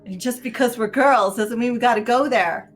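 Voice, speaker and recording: A woman's voice: fairly high pitch, moderate pace, faint music behind. A woman player in a tabletop game, laid-back and wry, chatting in and out of character. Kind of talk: casual tabletop role-play chat.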